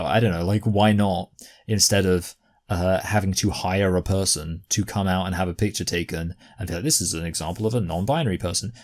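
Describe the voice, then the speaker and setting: Guy reacting to videos, lowish voice, lots of likes and ums, rambly and annoyed. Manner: rambling, filler-heavy, exasperated. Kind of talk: casual reaction commentary.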